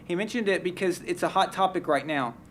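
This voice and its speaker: Fired-up opinionated man, high voice. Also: a little fast, crowd noise. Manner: opinionated, heated, restarts often. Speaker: sports talk show host. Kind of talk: casual live-stream sports chat.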